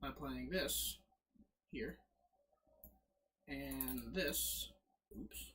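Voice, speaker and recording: A man's voice: medium pitch, very slow, a little hiss or hum. A man casually narrating as game master, fumbling with his setup and correcting himself as he goes. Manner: lively, fumbling with slides, self-correcting.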